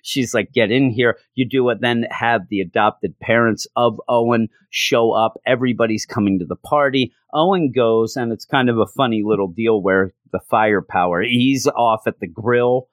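A man's voice: mid-range voice, normal speed, hardly any pauses, no echo, studio quality. A man casually recapping a comic plot in a rambling way, with lots of fillers. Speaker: comic book reviewer.

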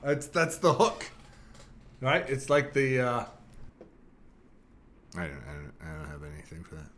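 A man's voice: medium pitch, big pitch swings, unhurried, a bit bright, slight background noise. Laughing, rambling man on a podcast. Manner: jokey, laughs often, rambling with fillers. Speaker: pastor. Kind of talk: casual podcast chat.

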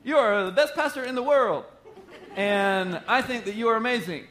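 A man voicing an overjoyed churchgoer who gushes with flattery. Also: sits high, moderate pace, pitched above the performer's own voice. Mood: thrilled. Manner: gushing and flattering. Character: gushing, overjoyed churchgoer promised free steak.

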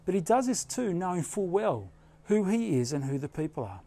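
A middle-aged man delivering a sermon with a notably high voice. He preaches earnestly, pushing up into emphatic bursts when he drives a point home. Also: sing-song, moderate pace, mellow. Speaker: pastor.

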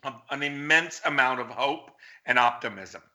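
A man's voice: mid-range voice, animated, moderate pace, bright, forceful tone. A middle-aged man, a political commentator, speaking earnestly and effusively as a talk show guest.

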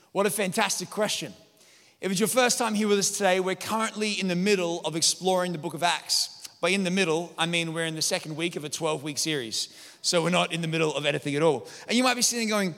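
A high-voiced man in his thirties preaching in a church. His tone is bright and forceful, and he tells jokes and animated stories. The sound carries a long hall reverb. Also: a little fast. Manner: energetic, joking, animated storytelling. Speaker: pastor. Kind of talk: sermon.

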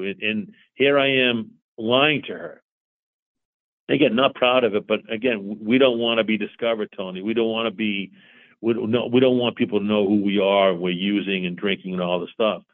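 Guest, man in his 40s, low voice, earnest confessional storyteller, dull lo-fi line. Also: steady tone, moderate pace. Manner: earnest, repeats himself, acts out both sides of dialogue. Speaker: interview guest.

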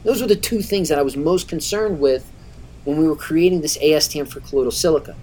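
Expert woman guest with a lower pitch, walks through the science with energy and plain examples. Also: fast talker, husky. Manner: animated, explanatory, uses everyday analogies. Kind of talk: technical explanation in conversation.

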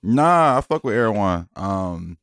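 A man co-hosting a podcast in casual chat, talking in quick slang and swearing freely. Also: on the low side, very animated, a bit bright, clean tone, dry recording, studio quality. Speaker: podcast co-host.

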